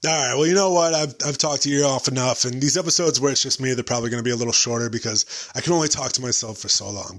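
A man's voice: mid-range voice, a bit bright. Late-20s guy hosting his own podcast, rambling and self-mocking, loose and profane. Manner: rambling, self-deprecating, swears casually. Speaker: podcast host. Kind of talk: solo casual podcast chat.

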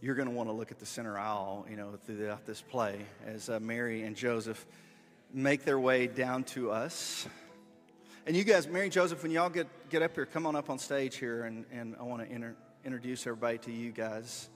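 A pastor giving a relaxed, conversational sermon with asides to his congregation. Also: mid-range voice, a little fast, faint music behind. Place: church sanctuary. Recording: long hall reverb.

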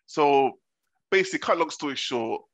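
A man's voice: on the high side, animated, normal speed, a bit bright, dry recording. A young man retelling reality-show drama in casual slangy chat, voicing the people he quotes.

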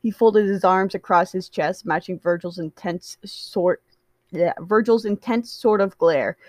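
A woman's voice: lowish voice, measured pace, no room sound. A woman reading fan fiction aloud. She stumbles over words, corrects herself, and adds chatty asides. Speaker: story reader.

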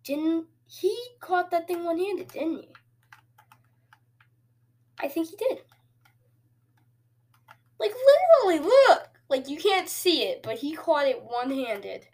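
A woman hosting casual video game commentary, excitable and jokey, with sudden cheers and quiet asides. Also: high voice, takes it slowly, pauses often. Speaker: host.

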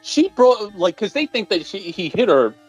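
A podcast co-host with a husky edge to the voice, chatting casually and swinging widely up and down in pitch while spinning a story. The delivery is blunt and animated, with casual swearing mixed into the talk. Faint music sits underneath. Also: normal speed, lo-fi sound. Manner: animated storytelling, retelling a plot with mock voices.

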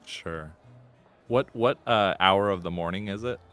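A man's voice: deep voice, unhurried, a bit bright, smooth, dry recording. A guest player voicing his character in a tabletop game, answering in terse, short lines.

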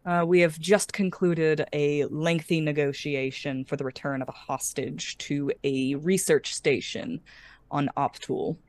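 A woman narrating as game master for a tabletop game in a relaxed way, with fillers. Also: low voice, unhurried.

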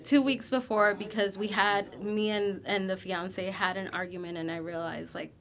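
A woman's voice: mid-range voice, steady tone, moderate pace, a bit bright. A woman in a casual group conversation, earnestly recounting a personal story.

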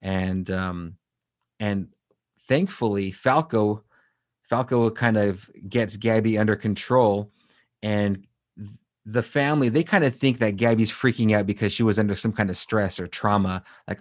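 Low-voiced man in casual podcast chat. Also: measured pace, no room sound, clean studio sound. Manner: rambling, with many fillers and restarts. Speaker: podcast co-host. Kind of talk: casual chat recapping an anime episode.

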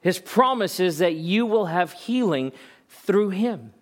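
A man's voice: high-pitched, expressive, takes it slowly. A male pastor preaching a sermon in an emphatic, conversational way, asking rhetorical questions.

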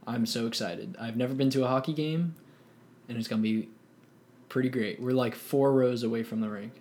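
A young man co-hosting a casual podcast chat, quick to act outraged in a joking way. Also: medium pitch, a little mellow. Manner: playfully exasperated, quick to mock outrage. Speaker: podcast co-host.

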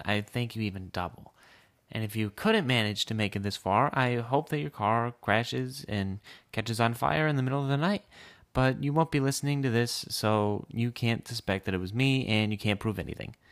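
A man hosting a podcast, telling a rambling comic story in a deadpan way. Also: mid-range voice. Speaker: podcast host.

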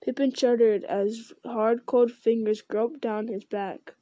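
A woman reading a novel aloud in an even, unhurried way, with the odd small restart. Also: fairly high pitch, no echo, muffled recording. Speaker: audiobook reader.

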